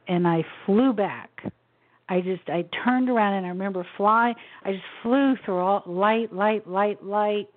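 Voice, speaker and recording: Older lady guest telling her story soft and halting, thin phone-line sound. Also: mid-range voice. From Memphis, Tennessee, USA. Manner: soft-spoken, halting, with small laughs. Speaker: guest author. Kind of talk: personal storytelling.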